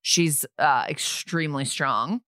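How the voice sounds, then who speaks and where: A woman's voice: sits low, slow pace, fairly bright tone, no echo, clean studio sound. A woman in her thirties co-hosting a podcast, chatting bluntly and jokingly. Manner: blunt, joking, says like a lot. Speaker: podcast co-host. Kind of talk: casual chat.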